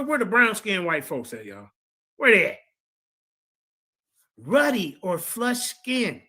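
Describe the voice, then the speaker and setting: A man hosts a livestream, pushing back at an opponent in a heated debate rebuttal. His voice is bright and edgy, and he loops back over phrases while reading source after source aloud. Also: high voice. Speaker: streamer host.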